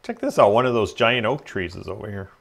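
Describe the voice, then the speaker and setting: Creaky-voiced man chatting while gaming. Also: on the low side, animated, a little fast, fairly bright tone. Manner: chatty, laughs often, mutters asides. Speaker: streamer. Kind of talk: casual gaming chat.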